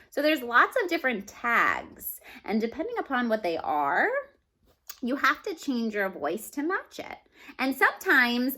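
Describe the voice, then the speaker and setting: A woman's voice: mid-range voice, sharp tone. A woman teacher giving a reading lesson to children, talking expressively and often checking in with "okay?".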